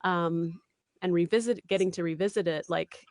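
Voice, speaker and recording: Chatty woman with a lowish dry voice. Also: moderate pace, no echo. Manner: animated, chatty, many fillers and laughs. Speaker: voice actress guest. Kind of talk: casual interview chat.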